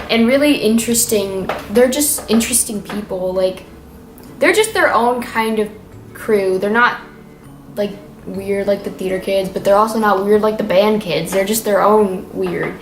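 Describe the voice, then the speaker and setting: A woman's voice: medium pitch, unhurried, faint music behind. A teenage girl giving a casual weekly vlog update, chatty and rambling with lots of fillers. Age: teens. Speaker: vlogger. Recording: echoey room with faint noise.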